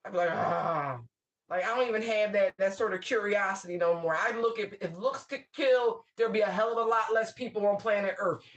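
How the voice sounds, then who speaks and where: Speaking at medium pitch, a little fast and with hardly any pauses, a tarot reader delivers an unscripted spiritual reading on lo-fi audio. Her blunt, profanity-laced talk drifts into wry asides, and she frequently laughs partway through sentences.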